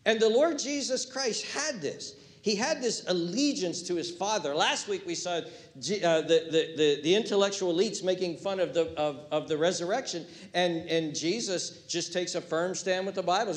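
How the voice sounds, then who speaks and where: High-pitched guy preaching a sermon, animated, goes quiet then loud, acts out little voices. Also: normal speed. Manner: animated, acts out quotes in shifting voices, swings from hushed to loud. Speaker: pastor.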